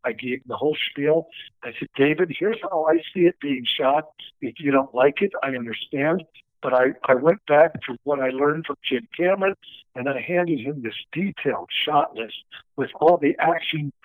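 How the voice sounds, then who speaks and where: A man's voice: a little high, dry recording. Storytelling man on a tinny line. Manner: animated storyteller acting out quoted dialogue. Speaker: stunt coordinator. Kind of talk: storytelling interview. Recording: dry, tinny phone-like line.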